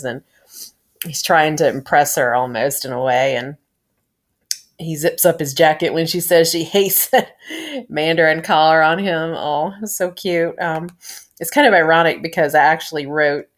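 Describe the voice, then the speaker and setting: A woman in her thirties giving a rambling, gushing fan review of a TV episode, laughing and sighing as she talks. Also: sits low.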